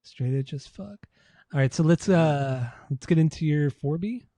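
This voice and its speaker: A man co-hosting a casual podcast chat, relaxed and rambling with lots of fillers. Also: fairly high pitch, moderate pace, dry recording. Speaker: podcast co-host.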